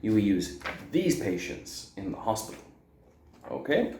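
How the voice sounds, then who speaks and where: A young man giving a video English lesson, explaining slowly, stressing words and often checking with "okay?". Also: fairly low pitch, big pitch swings, a little mellow. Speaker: English teacher. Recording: echoey room.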